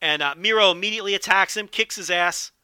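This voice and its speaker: Animated, bright-voiced podcast host. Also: male voice, sits high, fast, clear, resonant tone, no room sound, studio quality. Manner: animated, profane, joking. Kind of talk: solo wrestling podcast commentary.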